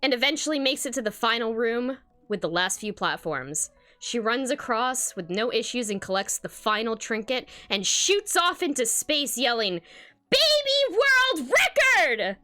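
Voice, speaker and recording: A woman's voice: fairly high pitch, sharp tone, clean tone. A woman streamer reading fan fiction aloud, laughing often and gushing with praise. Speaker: streamer host.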